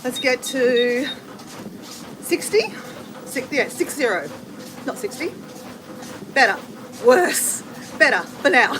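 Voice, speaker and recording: Her high-pitched voice swings widely as this middle-aged Australian woman livestreams from a treadmill, responding to viewer comments slowly and with frequent pauses. She's friendly and casual but slightly effortful, and renovation banging at home fills the noisy background.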